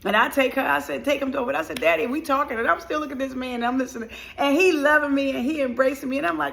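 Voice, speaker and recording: Gravelly-voiced woman telling her story. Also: high voice, quick pace, few pauses. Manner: emotional, animated, acts out quoted voices. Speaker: motivational speaker. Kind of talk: personal storytelling monologue.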